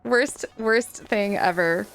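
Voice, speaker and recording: A woman's voice: medium pitch, slow pace, creaky, a bit bright. A woman livestreaming a game, chatting frankly and playfully with her viewers and laughing often. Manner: chatty, talks to viewers as friends. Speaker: livestreamer reading chat. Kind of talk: casual gaming stream chat.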